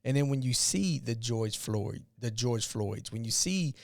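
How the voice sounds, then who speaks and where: A man in his forties, hosting a podcast, telling a personal story in an animated way and acting out the dialogue. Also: mid-range voice, unhurried, vocal fry, no room sound, clean studio sound. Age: 40s. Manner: animated retelling, acts out dialogue. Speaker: podcast host. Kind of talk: casual storytelling chat.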